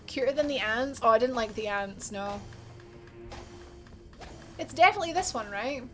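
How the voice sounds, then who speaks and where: A woman's voice: on the high side, expressive, moderate pace, a bit bright, soft background music. A young woman livestreaming a game, chatting casually and bubbly, answering her viewers by name and laughing often. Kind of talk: casual live gameplay commentary.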